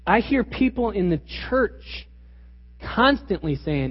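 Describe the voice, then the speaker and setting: A pastor preaching a sermon with emphatic delivery and rhetorical questions, in a church hall. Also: male voice, high voice, very animated, takes it slowly, breathy edge. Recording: reverberant, dull lo-fi hall recording.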